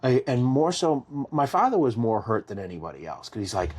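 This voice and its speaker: A man from Massachusetts telling his story as a podcast guest, animated and full of restarts, acting out what others said. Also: medium pitch, a little fast, hardly any pauses, husky. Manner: animated, repeats and restarts, acts out quotes. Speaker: guest, survivor advocate.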